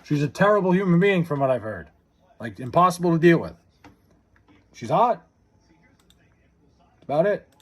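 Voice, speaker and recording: A young man talks off the cuff on a live stream, rambling, swearing and restarting his sentences. His voice sits a bit high and swings a lot in pitch, with a husky edge. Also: very animated, moderate pace, pauses often. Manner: rambling, profane, with frequent restarts. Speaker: livestreamer reading chat. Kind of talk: casual live-stream chat.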